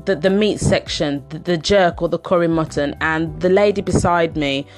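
A chatty woman telling a casual personal story, rambling along with plenty of "um"s. Her speaking voice sits fairly low, and soft music plays faintly behind her. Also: normal speed. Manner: chatty, rambling, lots of fillers.

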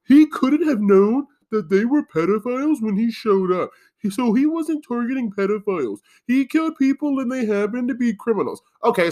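A man with a notably high-pitched voice rants alone on a podcast. He is sarcastic and profane, hammering points through repetition and tripping over restarts as he gets heated. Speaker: podcast host. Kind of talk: solo opinion rant.

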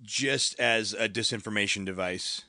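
A man's voice: lowish voice, unhurried, pushed and bright, no room sound, studio quality. A man chatting on a podcast who laughs often and reads aloud with hesitant restarts. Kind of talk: casual podcast chat.

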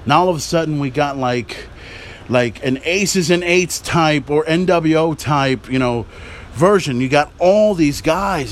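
A man hosting a podcast, recapping wrestling in a profane, excitable, mocking rant. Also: on the high side, a little slow, a little hiss or hum. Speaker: podcast host.

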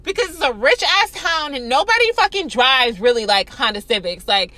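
A young woman with a bright, high-leaning voice tells a story casually, as if to friends. She swears freely and swings from loud, heated bursts to low, apologetic murmurs. Her tone is bright and forward. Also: normal speed, no echo. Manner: animated, profane, swings between loud outbursts and quiet asides. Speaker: podcast host.

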